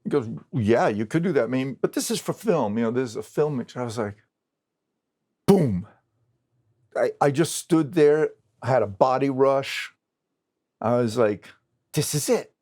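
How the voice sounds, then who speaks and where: A man's voice: mid-range voice, expressive, normal speed, darkish tone. A man in his sixties, a recording engineer, telling a story and acting out the dialogue with other people. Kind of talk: storytelling interview talk.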